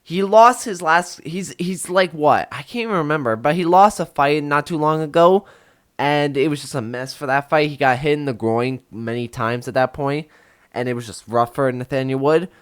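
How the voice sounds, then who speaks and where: A man's voice: a little high, moderate pace, clear, resonant tone. A young man hosting a casual video of fight predictions, rambling with lots of fillers and self-corrections. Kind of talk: casual solo prediction talk.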